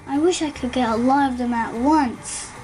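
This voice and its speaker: A woman's voice: sits high, darkish tone, faint music behind, close to an everyday voice, rough recording. Chelsea, a woman doing a tiny doll girl. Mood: dreamy. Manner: sweet, slow childlike sing-song. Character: little girl doll, greedy and impulsive. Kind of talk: toy doll play voicing.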